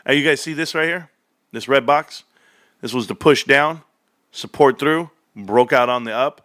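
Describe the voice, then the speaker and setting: A man hosting casual stock market commentary, animated and joking, calling his viewers bro. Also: medium pitch, normal speed, no room sound, clean studio sound. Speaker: stock market video host.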